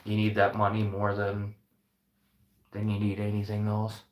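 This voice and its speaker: A man's voice: on the low side, completely flat delivery, a little slow, reverberant, slight background noise. A man who owns a restaurant, giving an earnest, impassioned and heavily profane talk to the camera. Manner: earnest, heavy swearing, impassioned. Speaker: restaurant owner. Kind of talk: unscripted motivational vlog talk.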